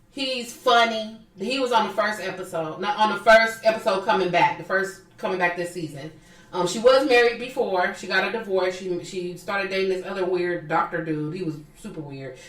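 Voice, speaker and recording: A woman co-hosting a casual podcast, gossiping about a reality show with plenty of swearing and quick impressions of the people she talks about. Her voice sits at a middle pitch. She is recorded off the mic in a room with a strong echo. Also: recorded from a distance. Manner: animated, profane, mimics people in quotes. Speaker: podcast co-host. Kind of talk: casual chat recapping reality TV.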